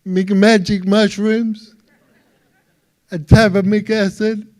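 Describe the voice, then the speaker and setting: A man with an Australian accent doing stand-up comedy for a live audience, with a halting delivery full of repeated words. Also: high-pitched, level tone, darkish tone. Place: live stage before an audience.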